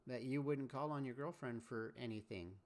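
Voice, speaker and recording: Scolding and repeatedly agreeing, saying things like "amen," a man hosts casual reaction commentary. His voice is medium-pitched and darkish, at a moderate pace.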